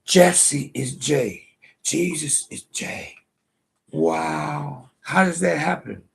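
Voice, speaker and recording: A video host speaks very slowly in a fairly high-pitched, gravelly, slightly rough voice. He gives casual commentary while quizzing a phone app, skeptically and rhetorically questioning it and answering back.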